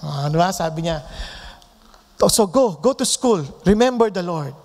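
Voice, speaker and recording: A man's voice: sits high, expressive, moderate pace, darkish tone, big-room sound. A middle-aged man, a pastor with a Filipino accent and Tagalog as his first language, preaching a sermon and shifting between English and Tagalog. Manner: switches between English and Tagalog, acts out quotes in varied voices.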